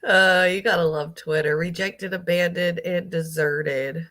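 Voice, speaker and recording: Low-voiced woman reacting bluntly. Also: steady tone, unhurried, a bit bright. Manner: blunt, profane, laughing asides. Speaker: reaction video host. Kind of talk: casual reaction commentary.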